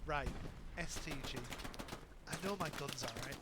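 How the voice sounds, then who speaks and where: A man giving live play-by-play commentary on an online shooter match, excitable and often correcting himself mid-sentence. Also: fairly high pitch, measured pace. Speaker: game commentator. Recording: noisy with gunfire in background. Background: game gunfire and ambience.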